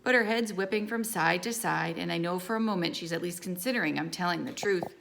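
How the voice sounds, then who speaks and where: A woman reading a novel aloud in steady first-person storytelling. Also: lowish voice, fairly quick, gravelly, background noise. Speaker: audiobook reader.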